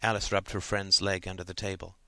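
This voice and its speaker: Male audiobook narrator, lowish pitch, crisp bright tone, measured. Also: little pitch movement, no echo.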